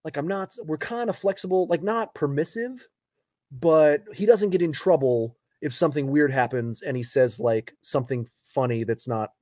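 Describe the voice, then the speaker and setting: Male podcast co-host, thirties, animated storyteller, slightly raised pitch. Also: normal speed, dry recording. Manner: animated storyteller, laughs through his anecdotes. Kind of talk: casual chat.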